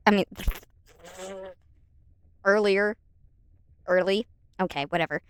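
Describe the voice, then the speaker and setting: A woman's voice: medium pitch, moderate pace, clear, resonant tone, dry recording, studio quality. A woman doing casual reaction commentary at home into a desk mic, chatty and sarcastic, stopping now and then to talk to her cat. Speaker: commentary YouTuber. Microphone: desk microphone.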